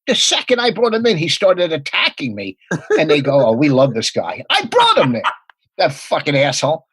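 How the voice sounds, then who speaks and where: A man telling rapid, profane comedy anecdotes in a casual podcast chat. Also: a little high, huge pitch swings, a bit bright, husky, no echo, poor audio. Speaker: comedian guest.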